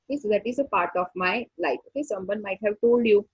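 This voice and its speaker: A woman, teaching a story and explaining each line slowly, repeating points and checking with "okay". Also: medium pitch, breathy edge, dry recording, lo-fi sound. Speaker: English teacher. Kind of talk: classroom lesson explaining a story.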